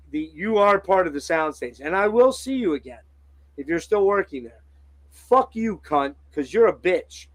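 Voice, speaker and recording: A man with a fairly high voice tells a story in a casual podcast chat, swearing freely and acting out every quote. His pitch swings widely as he talks. The sound is dry and close, with no room echo at all. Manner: profane, animated storytelling with acted-out quotes. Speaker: podcast host.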